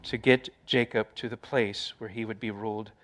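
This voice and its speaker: A man's voice: on the low side, steady tone, moderate pace, fairly bright tone. A middle-aged male pastor preaching a sermon, repeating phrases for emphasis and raising his voice in quoted lines.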